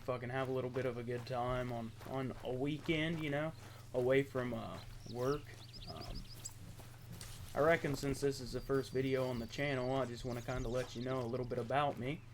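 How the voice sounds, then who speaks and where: A man's voice: medium pitch, a little hiss or hum. Rambling Appalachian man, gaming chat. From southeastern Ohio, USA. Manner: rambling, halting, lots of ums and self-corrections. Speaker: gaming YouTuber. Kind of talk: casual gameplay commentary.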